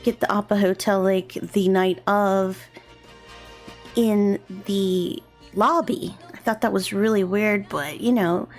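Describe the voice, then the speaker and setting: A young woman streaming as a VTuber, chatting casually and rambling while she draws, keeping her voice deliberately low and soft. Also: fairly even intonation. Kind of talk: relaxed casual chat while drawing on stream. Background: faint gentle background music.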